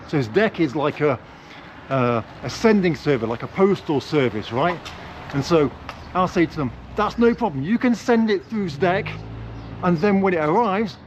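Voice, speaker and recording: A man's voice: fairly high pitch, lo-fi sound. A man vlogging casually, acting out both sides of conversations as he talks. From not Russia. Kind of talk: casual vlog monologue.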